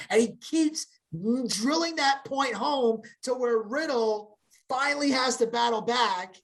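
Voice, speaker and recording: A woman co-hosting a podcast in casual chat, opinionated and blunt, talking in quick bursts full of restarts. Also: high voice, expressive. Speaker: podcast co-host.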